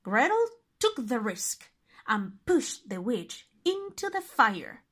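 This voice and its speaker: A woman reading a fairy tale aloud as narrator, expressive and deliberate. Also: a little high. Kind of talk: storybook reading.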